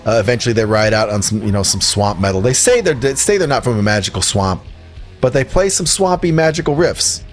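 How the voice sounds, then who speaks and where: A man's voice: mid-range voice, fairly quick, faint music behind. Rambling, jokey male podcast host. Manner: rambling, jokey and animated, laughing at his own lines. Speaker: podcast co-host reviewing records. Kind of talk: casual chat.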